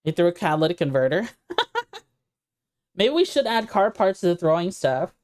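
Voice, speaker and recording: A woman's voice: fairly low pitch, sing-song, normal speed, a little mellow. A woman streamer chatting casually while playing, laughing easily and talking to her chat.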